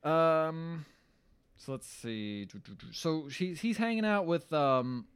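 A man's voice: a little high, lively intonation, takes it slowly, clear, resonant tone, dry recording. A man co-hosting a podcast, casually recapping a film and acting out the characters' lines in jokey voices, with swearing. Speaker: podcast co-host. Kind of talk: casual movie recap chat.

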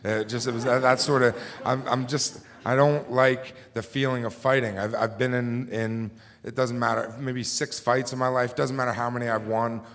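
A man's voice: mid-range voice, fairly even intonation, normal speed, hardly any pauses, a bit bright. A married man telling a true personal story on a theater stage, talking in a loose, conversational way with fillers and restarts. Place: theater stage before a live audience.

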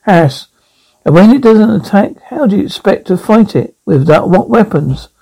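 A man's voice: high voice, lively intonation, vocal fry, dark tone, breathy edge, exaggerated voice, rough recording. A man reading an anxious compound controller. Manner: anxious, halting with restarts. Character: worried male compound controller. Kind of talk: script read aloud.

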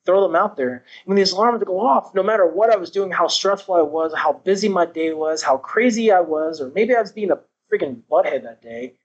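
A man's voice: high voice, a little fast, few pauses, dull audio. Earnest man reflecting on self-improvement. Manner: earnest, reflective, occasional swearing. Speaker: podcast guest. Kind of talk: casual conversation.

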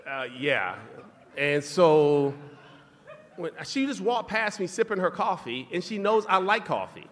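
A man with a slightly raised pitch tells a relationship story on a live podcast, chuckling as he goes. His voice carries the long reverb of a venue hall. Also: measured pace. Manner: laughing, animated storytelling. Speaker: podcast co-host.

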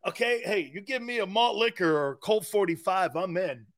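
A man's voice: sits high, animated, normal speed, a bit bright. A male sports talk show host, joking and laughing often with rambling asides.

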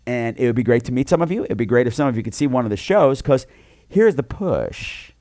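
A man co-hosting a podcast, telling a campy story in a casual, animated way. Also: mid-range voice, brisk, no echo, clean studio sound. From New York. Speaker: podcast co-host. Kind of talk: casual chat.

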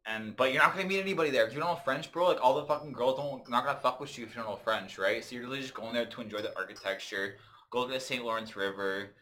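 Rambling, profane man comedian, bright tone. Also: mid-range voice, rapid-fire. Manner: rambling, profane storytelling with many restarts. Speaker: stand-up comedian, podcast guest. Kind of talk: casual podcast chat.

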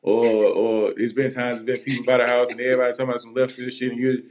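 Halting, reassuring man hosting a podcast. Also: mid-range voice, level tone, a little mellow. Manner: halting, repeats words, reassuring. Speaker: podcast host. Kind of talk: casual podcast chat.

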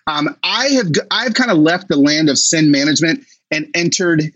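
High, husky-voiced man telling stories. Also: moderate pace, no echo, muffled recording. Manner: animated storytelling with laughs. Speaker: guest author. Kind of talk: casual chat.

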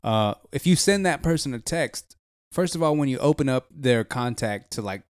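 A man's voice: mid-range voice, expressive, moderate pace, smooth, dry recording, studio quality. A young man co-hosting a podcast in casual, profane, jokey chat. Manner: laid-back, profane, jokey. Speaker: podcast co-host.

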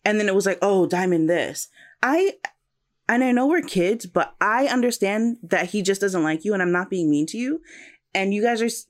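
A woman's voice: medium pitch, expressive, a little fast. A young woman co-hosting a casual podcast chat, reflective and searching for words, often restarting her sentences. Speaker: podcast co-host.

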